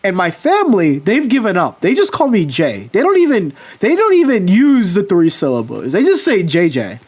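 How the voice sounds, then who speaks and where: Animated man telling stories on stream. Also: sits high, normal speed, husky. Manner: animated storytelling, swears casually. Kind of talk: casual livestream chat.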